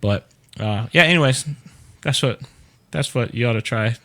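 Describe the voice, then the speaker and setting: A man's voice: medium pitch, moderate pace, bright, forceful tone. Man, host, casual chat, joking, rambling, many fillers. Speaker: show host.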